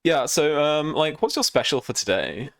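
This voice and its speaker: A man's voice: on the high side, expressive, normal speed, gravelly, no room sound, clean studio sound, pitched above the performer's own voice. A man voicing a smug, drawling posh hipster young man phoning in a takeaway order. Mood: posh, casual.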